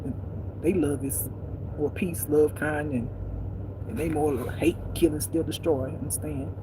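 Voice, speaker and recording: A woman giving a profane spiritual rant as a life teacher, blunt and preachy, swinging between loud outbursts and low muttering. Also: steady tone, measured pace, background noise. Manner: blunt and preachy, swearing freely.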